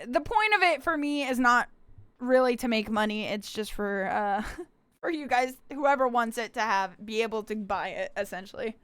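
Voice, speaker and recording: A woman's voice: a little high, normal speed, a bit bright, smooth, dry recording. A young woman streaming live, chatting casually and giggling with her viewers, slipping into a cutesy puppy-girl act. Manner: bubbly, giggly, talks to chat and plays a cutesy puppy-girl persona.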